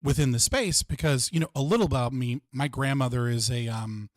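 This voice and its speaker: A young US livestream host keeps up a casual, rambling chat loaded with "like." His mid-range voice moves fairly quickly, and the recording is dry with clean studio sound.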